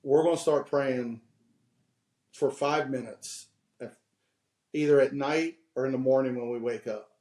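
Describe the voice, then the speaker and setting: A man's voice: mid-range voice, measured pace, pauses often, darkish tone, reverberant. A man in his fifties, a podcast guest, telling candid stories with frequent laughs and giving preachy advice. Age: 50s.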